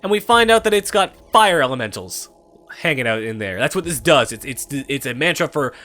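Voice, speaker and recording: A young man giving irreverent let's-play commentary, animated and swearing freely. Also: mid-range voice, fairly quick. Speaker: gameplay commentator.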